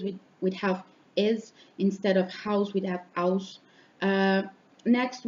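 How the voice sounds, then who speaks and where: A young adult woman, a student, gives a class oral presentation and explains each point step by step, pausing often with fillers. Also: mid-range voice, darkish tone. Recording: dull lo-fi sound with faint noise.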